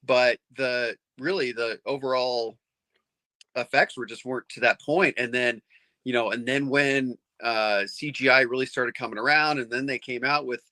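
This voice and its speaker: A middle-aged man chatting casually as a comics fan, rambling and excited, with lots of restarts. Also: mid-range voice, moderate pace, no room sound. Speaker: comics fan on a panel show. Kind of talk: casual chat.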